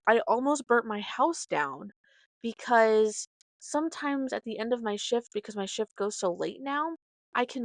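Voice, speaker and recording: In a dry recording, a podcast host with a mid-range voice recounts a story informally, drifting into side notes and correcting herself. She's theatrical, voicing the dialogue she quotes.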